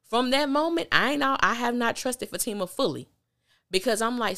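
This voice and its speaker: A woman hosting a podcast, recapping a TV episode in a casual, animated way with blunt slang and emphatic storytelling. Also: on the high side, moderate pace. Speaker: podcast host.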